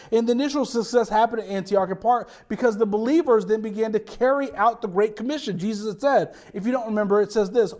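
Male pastor, high voice, lively sermon with restarts and asides. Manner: animated preaching with restarts and asides.

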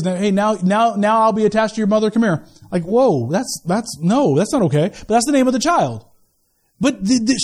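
A middle-aged male pastor preaching a sermon in a lively, conversational way, full of asides and quick retold scenes. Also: very high voice.

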